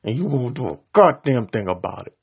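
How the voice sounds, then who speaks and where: Gravelly, husky man ranting with profanity. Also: sing-song, fairly quick. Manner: vulgar, confrontational, swings from loud outbursts to low mutters. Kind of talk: profane angry rant to camera.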